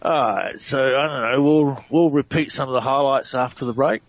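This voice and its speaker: A man's voice: medium pitch, moderate pace, no echo, muffled recording. A man, a radio guest chatting casually and laughing easily. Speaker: guest researcher.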